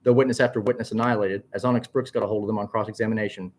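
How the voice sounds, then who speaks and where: A man's voice: lowish voice, steady tone, racing. Man reading a story aloud. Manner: plain narration with frequent stumbles and restarts. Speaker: narrator.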